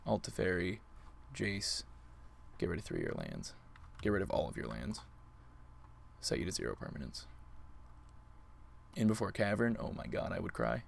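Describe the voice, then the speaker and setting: A man's voice: low voice, sing-song, moderate pace, creaky, long pauses, slight background noise. A man commentating his own card game on a live stream, playful and chatty with his opponent and viewers. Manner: playful, talks to opponent and chat.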